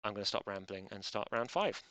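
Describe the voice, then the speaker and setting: A man's voice: on the low side, expressive, brisk. A man hosting a live online quiz, joking drily and rambling. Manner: dry, rambling, self-deprecating jokes. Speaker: quiz host.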